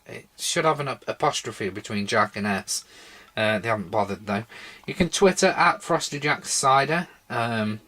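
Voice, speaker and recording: A man's voice: mid-range voice, expressive, normal speed, sharp tone. Chatty tipsy guy rambling. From Britain. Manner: rambling, chatty, wry asides. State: slightly tipsy, sore throat. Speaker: drinks reviewer. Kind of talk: casual solo review vlog.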